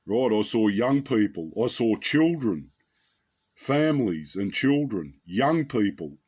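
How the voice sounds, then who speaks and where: A man's voice: fairly low pitch, big pitch swings, takes it slowly, a little mellow, slightly rough. An Australian man giving an unscripted, heated commentary monologue, rambling and often tagging his points with "right?" and "mate".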